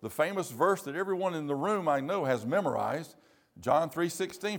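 A man preaching a sermon in a church, slowing down to stress key phrases. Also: on the high side, expressive. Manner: measured, emphatic preaching with slow stressed phrases.

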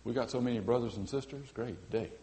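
A man's voice: mid-range voice, fast talker. Earnest preaching pastor, man. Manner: earnest preaching, rising to fervent cries and dropping to quiet appeals. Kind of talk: sermon. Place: church sanctuary with balcony.

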